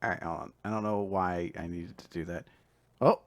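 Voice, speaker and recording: A man co-hosting a casual manga podcast, animated and quick to laugh. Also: deep voice. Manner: animated, laughs often, bursts into mock British voices. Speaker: podcast co-host. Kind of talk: casual chat.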